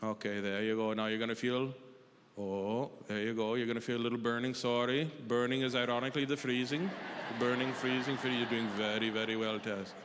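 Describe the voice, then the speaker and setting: A comedian putting on the voice of a calm, soothing male heart doctor with an accent, who talks slowly and gently. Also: mid-range voice, voice pushed down, natural voice. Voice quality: slow, gentle, reassuring. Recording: reverberant live hall with audience noise.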